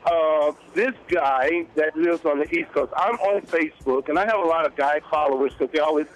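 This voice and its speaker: A man in his fifties, a guest on a morning talk show, telling a story in an animated way and acting out the voices of the people in it. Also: a little high, moderate pace, low-quality recording. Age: 50s. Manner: animated, acts out quoted dialogue. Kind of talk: casual interview storytelling.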